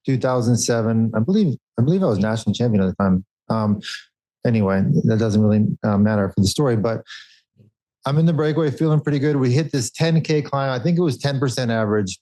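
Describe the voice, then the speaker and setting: A middle-aged man, a former pro cyclist, telling a race story in casual podcast chat, animated and quick, cutting himself off mid-thought. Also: mid-range voice, low-quality recording. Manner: animated anecdote with quick bursts and self-interruptions.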